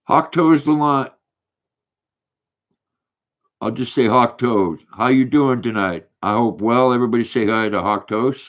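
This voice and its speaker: An older man, hosting a casual livestream, rambling and halting as he reads viewer comments aloud. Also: mid-range voice, lo-fi sound. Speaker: livestream host reading chat.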